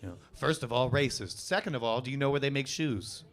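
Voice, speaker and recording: A man in his twenties hosting a live stand-up comedy show on a club stage, doing self-mocking, deadpan crowd work into a handheld mic. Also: mid-range voice, a little fast. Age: 20s.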